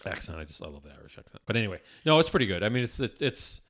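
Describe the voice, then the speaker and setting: A man with a somewhat low voice talks casually as a podcast co-host. He rambles, restarts his sentences and laughs often along the way. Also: very animated, racing, fairly bright tone, slight background noise. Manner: rambling, self-interrupting, laughs easily. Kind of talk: casual chat.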